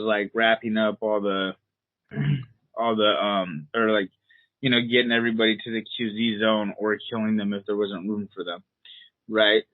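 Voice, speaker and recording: Guy w a throat thing, clears it a lot, rambly casual talk, phone-ish dry sound. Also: lowish voice, dry recording, narrow, tinny audio. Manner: rambling, filler-heavy, clears throat often. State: throat irritation. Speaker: podcast co-host. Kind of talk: casual chat.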